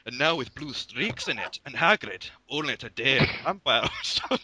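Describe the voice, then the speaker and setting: A man's voice: medium pitch, animated, normal speed, background noise. A young man reading a fan fiction aloud to friends, stumbling over the text and laughing at it. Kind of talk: casual comic read-aloud.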